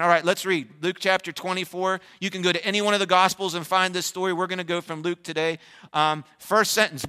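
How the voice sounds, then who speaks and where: A man preaching an energetic Easter sermon as pastor, shifting between loud fervent bursts and quiet, reflective asides. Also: high voice, smooth. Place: large church sanctuary. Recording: long church hall reverb.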